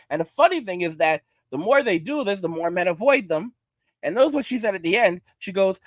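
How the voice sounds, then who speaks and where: A man's voice: high-pitched, big pitch swings, fairly quick, no room sound. A man from New York giving emphatic reaction commentary, often checking in with his listeners. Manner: emphatic, repeats "all right?".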